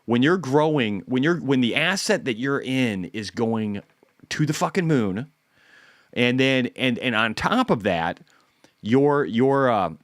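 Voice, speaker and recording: A man's voice: mid-range voice, lively intonation, unhurried, no echo, studio quality. A man hosting casual market commentary, talking bluntly and animatedly with occasional profanity. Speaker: host.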